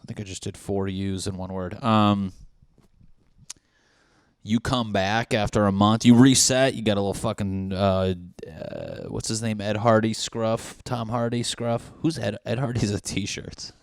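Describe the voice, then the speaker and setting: A man's voice: fairly low pitch, measured pace, smooth, no room sound, studio quality. A young man hosting his own podcast, rambling and riffing with plenty of swearing and acted-out bits of dialogue. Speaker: podcast host. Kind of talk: solo podcast rant.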